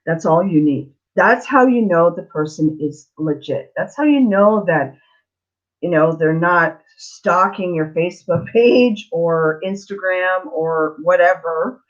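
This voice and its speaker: A woman's voice: fairly low pitch, slow. A middle-aged woman, a psychic tarot reader telling a story in a blunt, chatty, digressive way on a live Q&A stream. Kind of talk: casual storytelling on a livestream. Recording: slightly dull lo-fi audio.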